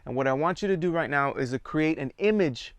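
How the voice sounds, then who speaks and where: Calm man guiding a theatre exercise. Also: a little high, no echo. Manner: calm, measured, counts students in and prompts them. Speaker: theatre workshop leader. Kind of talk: guided instruction for a theatre exercise.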